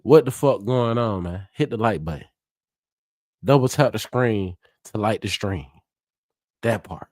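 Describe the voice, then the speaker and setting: A hyped, chatty man running a live reaction stream, his voice sitting fairly low. He laughs often and swears freely as he talks to his viewers. The sound is dry and close, with no room echo. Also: animated, measured pace, long pauses, darkish tone. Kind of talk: casual live reaction commentary.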